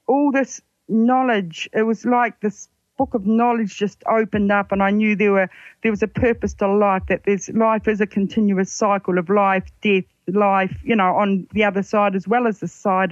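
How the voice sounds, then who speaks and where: An older woman with a New Zealand accent, a psychic guest on a radio show, telling her life story in an earnest, halting, reflective way. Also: medium pitch, steady tone, dry recording. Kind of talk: personal story on a radio interview. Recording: dull, lo-fi dry sound.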